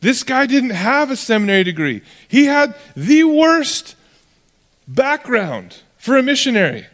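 A man's voice: very high-pitched, very animated, a little slow, a bit bright. Male pastor, sermon, conversational storytelling, acts out voices, long hall reverb.

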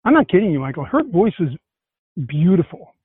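Upbeat male host, higher voice, thin phone-like call audio. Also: brisk, slightly rough, no echo. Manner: enthusiastic, animated storytelling. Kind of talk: casual conversation. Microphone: video call. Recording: tinny call audio, dry.

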